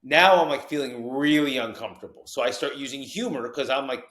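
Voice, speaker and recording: A man from New Jersey, a podcast guest telling his story with animated energy and acted-out quotes. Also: mid-range voice, a little fast. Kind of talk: storytelling interview.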